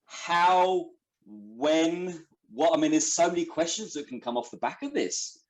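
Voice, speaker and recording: A male podcast host leads a casual interview with an eager, curious energy. His questions spill out in bursts and restarts, and his voice is a touch higher than average for a man. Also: lively intonation, a little slow, low-quality recording.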